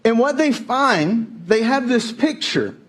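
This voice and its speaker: High-voiced animated preacher. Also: male voice, slow. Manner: animated storytelling, playful. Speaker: pastor. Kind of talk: sermon. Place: church service.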